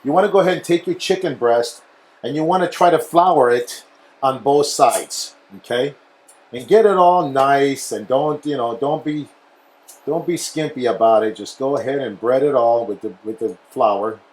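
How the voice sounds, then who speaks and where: A man's voice: medium pitch, moderate pace, a little mellow. A man hosting a cooking show, chatty and instructional, often checking in with okay. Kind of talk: casual cooking demonstration.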